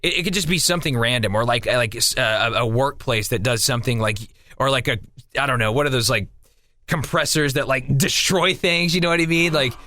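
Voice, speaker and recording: A man in his thirties with a bright, forward voice, chatting easily and rambling a bit as he works out what he wants to say. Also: mid-range voice, fairly quick, no echo. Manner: easygoing, rambling. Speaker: radio show co-host. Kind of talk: casual chat.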